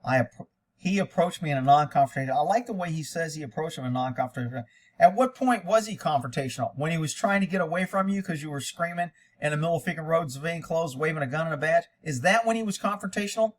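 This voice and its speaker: A man with a fairly high voice reads a document aloud in a plain tone. He breaks in often with blunt, profane remarks. His comments sound sarcastic and indignant. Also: expressive, fast. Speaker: online commentator. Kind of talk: reading a document aloud with reactions.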